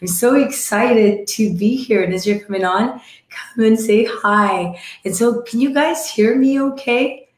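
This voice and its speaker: Hoarse woman chatting on a livestream. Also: on the high side, unhurried, echoey room. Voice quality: croaky. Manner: chatty, greets viewers by name. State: hoarse from croup. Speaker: livestream host. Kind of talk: casual live chat with viewers. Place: decorated home room.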